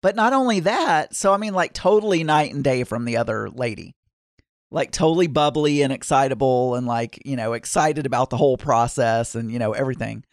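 A man's voice: medium pitch, fairly quick, no room sound, clean studio sound. A man casually telling a long personal anecdote in a rambling way, full of fillers and restarts.

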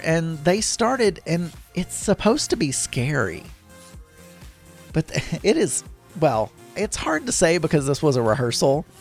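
Animated man telling a casual story. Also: fairly high pitch. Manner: animated, rambling with restarts.

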